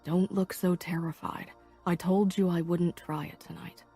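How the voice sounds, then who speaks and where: Hushed, raspy young male lover, as a woman narrator voices him, low and intimate. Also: steady tone, a little slow, soft background music, heavily acted. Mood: hushed, intense. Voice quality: rough, raspy murmur. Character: young adult man, rough-voiced, intense and possessive lover.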